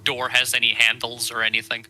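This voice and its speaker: A man's voice: mid-range voice, monotone, brisk, bright, forceful tone, poor audio. A man playing a tabletop game, rambling and swearing as he describes his character's moves. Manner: rambling, swearing, self-correcting. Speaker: player. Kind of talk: casual chat in a tabletop game.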